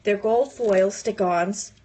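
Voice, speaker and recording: A woman chatting through a live unboxing, gushing and excitable, with gasps and squeals of delight. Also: medium pitch, slow pace. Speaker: crafting channel host.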